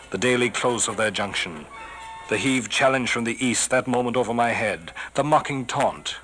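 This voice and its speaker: A man giving a theatrical poetry recitation, swelling on some phrases and dropping to a hushed whisper on refrains. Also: medium pitch, low-quality recording. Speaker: poetry reader.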